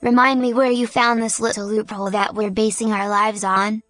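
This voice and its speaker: A blunt, exasperated mare soldier, edgy and short-tempered, as a woman reads her lines in a storybook. Her voice sits at a middling pitch for a woman, with faint music running underneath. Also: little pitch movement, normal speed, fairly bright tone, no echo, natural voice. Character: tense, irritable young mare soldier.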